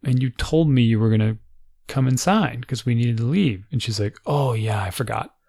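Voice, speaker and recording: A man's voice: medium pitch, normal speed, gravelly, mellow, no echo, clean studio sound. A man in his forties casually telling a funny family story, acting out quotes and laughing often.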